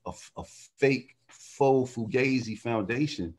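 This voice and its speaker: A man's voice: medium pitch, measured pace, darkish tone. A man talking as a podcast guest in casual conversation, riffing animatedly and philosophically on word origins.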